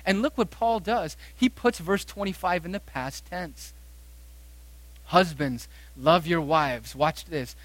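A man preaching a sermon as pastor, emphatic, repeating phrases and slowing down to stress quoted verses. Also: on the high side, fairly bright tone, dry recording, rough recording.

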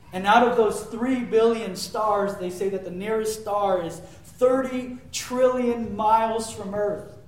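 A fairly high-voiced man preaching a sermon with emphatic swings between loud declarations and quiet asides, and he asks his listeners rhetorical questions. He stands some way from the microphone in a church sanctuary that echoes heavily, with a faint hum of room ambience behind him. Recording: very echoey room, mic far off.

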